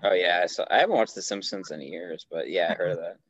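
A man's voice: low-pitched, fast talker, slight background noise. A man co-hosting a casual podcast, joking loosely and sounding a little tipsy after a day of drinking. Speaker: podcast co-host. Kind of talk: casual chat. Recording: dull, dry lo-fi sound.

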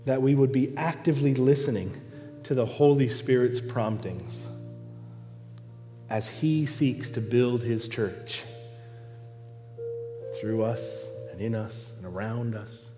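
A man preaching a sermon as pastor, in a large church with soft music behind. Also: medium pitch, takes it slowly, pauses often, in a large hall. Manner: acts out pleading prayers in a raised voice, then answers softly. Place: church sanctuary.

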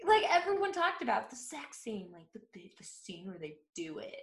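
A woman's voice: fairly high pitch, sing-song, moderate pace, echoey room. A woman in her thirties co-hosting a podcast, chatty and laughing as she tells stories and acts out quotes. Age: 30s. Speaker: podcast co-host. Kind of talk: casual chat.

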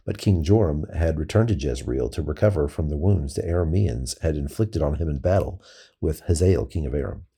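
A man reading scripture aloud in a steady, measured way. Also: extremely low pitch, breathy edge. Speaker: scripture reader.

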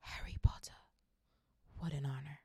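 An old, bald bartender speaks in a hushed, breathy whisper, voiced by a woman reading aloud. The reading is dry and close to the mic. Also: low voice, steady tone, moderate pace, no room sound, exaggerated voice. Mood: awed.

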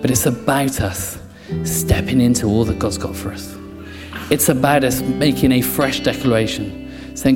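A man preaching a passionate sermon in church, repeating key phrases and dropping to quiet intensity. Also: mid-range voice, normal speed. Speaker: pastor. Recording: echoey church hall, soft guitar behind.

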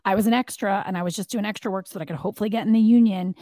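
A woman co-hosting a podcast, telling stories in a casual, animated way and acting out what people said. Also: medium pitch, very fast, dry recording, studio quality. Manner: animated storyteller, acts out quotes. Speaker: podcast co-host. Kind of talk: casual chat.

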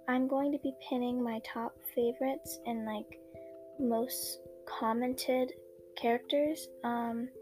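A young woman with a fairly high voice chats casually with her listeners, hesitant and full of little ums. Music plays steadily behind her. Her reading is loose and unscripted. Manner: chatty, hesitant, lots of ums. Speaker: fan fiction storyteller. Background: background music.

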